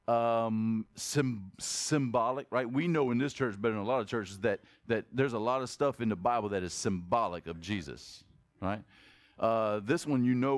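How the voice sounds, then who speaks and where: Recorded dry, a man with a mid-range voice preaches an animated, conversational sermon. He jumps between loud outbursts and quiet asides and keeps asking his congregation questions.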